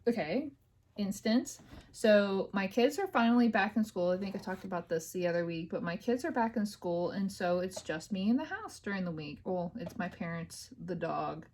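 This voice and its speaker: A woman's voice: mid-range voice, animated, normal speed, darkish tone. Rambling woman venting at her desk. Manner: rambling, venting, many fillers. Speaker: podcast host. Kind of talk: casual personal chat. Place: home office, at her desk.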